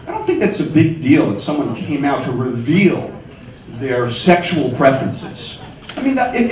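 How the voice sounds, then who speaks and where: A man in his forties doing a stand-up set in a comedy club, wry and punchy, with sudden high squeals on his punchlines. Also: darkish tone. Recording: echoey club sound from far off.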